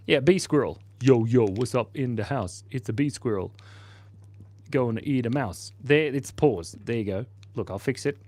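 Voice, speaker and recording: Male host, 40s, playful casual stream banter, mid-pitched voice. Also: a little mellow. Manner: playful and goofy, chatting to viewers. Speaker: livestream host. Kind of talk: casual livestream chat while drawing.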